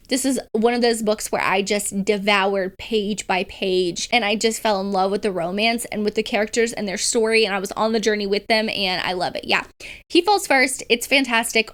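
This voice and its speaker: A woman's voice: on the high side, a bit bright. A woman chatting casually about book recommendations, gushing and talkative with lots of fillers. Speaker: book reviewer.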